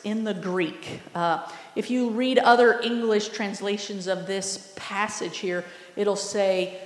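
A woman preaching a sermon, earnest and teaching in manner. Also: medium pitch. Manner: earnest, teaching, slow and deliberate. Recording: echoey hall, long reverb.

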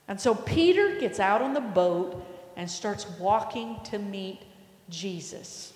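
A woman's voice: mid-range voice, animated, slow pace, darkish tone. A woman preaching a sermon, telling a story with imagination and asking her listeners questions. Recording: echoey hall with long reverb.

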